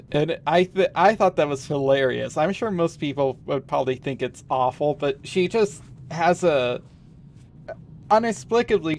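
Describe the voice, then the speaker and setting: A man's voice: fairly high pitch, a little mellow, slight background noise. A man streaming a game, musing and rambling in casual commentary, chuckling now and then.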